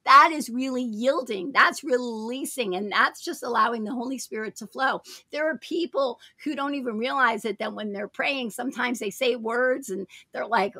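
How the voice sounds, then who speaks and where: A woman's voice: on the high side, moderate pace, hardly any pauses, sharp tone, dry recording. A woman hosting a Christian talk show, speaking in an emphatic, preacherly way and repeating her phrases. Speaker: show host.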